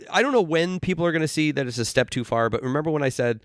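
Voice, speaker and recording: A man hosting a casual podcast chat, talking haltingly with frequent restarts and sighs. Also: a little high, lively intonation, dry recording, studio quality. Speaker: podcast host.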